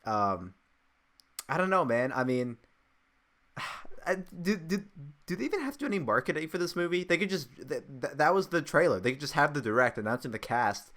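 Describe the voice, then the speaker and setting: A man's voice: on the high side, big pitch swings, fairly quick, fairly bright tone. Podcast guy rambling, laughs a lot, voice jumps around. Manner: rambling, laughs often, many restarts. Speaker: podcast co-host. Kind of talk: casual chat.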